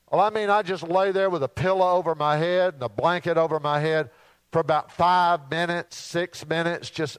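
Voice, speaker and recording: A man preaching a sermon in a folksy, animated storytelling way, acting out asides and mimicking sounds. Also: fairly high pitch, moderate pace, clear, resonant tone, no echo, poor audio. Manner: mimics alarm beeps and announcements.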